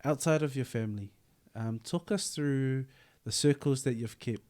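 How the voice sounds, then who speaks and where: A man's voice: medium pitch, moderate pace, darkish tone. A man hosting a podcast, reflecting back on the guest's story and restarting his words often. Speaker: podcast host. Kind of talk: casual interview talk.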